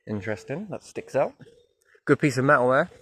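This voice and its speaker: A man walking by a river in the woods, musing aloud as he goes, often trailing off into quiet wondering remarks. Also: mid-range voice, animated, fairly quick, husky. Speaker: vlogger.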